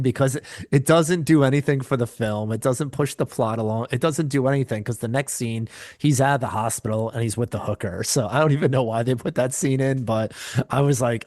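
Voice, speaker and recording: Animated man telling stories on a podcast. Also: medium pitch, brisk, no echo, studio quality. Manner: animated storyteller, acts out quotes, laughs often. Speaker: podcast co-host. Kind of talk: casual chat.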